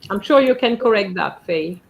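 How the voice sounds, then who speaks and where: On a rough recording, a woman with a mid-range, creaky voice speaks at a normal speed and in an animated way. She is running a live online French class, going patiently through her students' letters one at a time on a video call to correct them.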